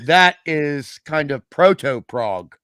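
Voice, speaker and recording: A man's voice: a little high, animated, takes it slowly, a bit bright, clear, resonant tone, dry recording. Opinionated man in casual chat. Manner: opinionated, wry, many restarts. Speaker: guest.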